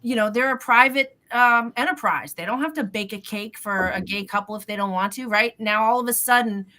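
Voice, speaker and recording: A woman co-hosting a talk panel, making pointed arguments in a measured way with frequent fillers. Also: fairly high pitch, bright, forceful tone. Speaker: co-host of a local talk show. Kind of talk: opinionated panel discussion.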